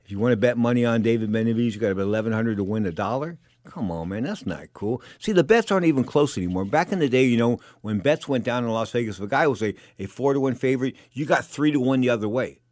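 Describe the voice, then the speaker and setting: An older man hosts a talk radio show on boxing, talking fast in a loose, rambling monologue. He is opinionated and circles back over the same points again and again. His voice is close and dry on a studio microphone. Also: medium pitch, lively intonation, darkish tone, dry recording. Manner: rambling, opinionated, repeats himself.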